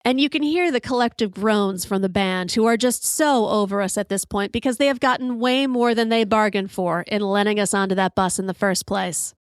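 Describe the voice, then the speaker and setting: A woman in her fifties hosting a podcast, telling a story in an animated, profane way and acting out the quotes. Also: medium pitch, normal speed, few pauses, smooth, dry recording, studio quality. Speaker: podcast host. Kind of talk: storytelling monologue.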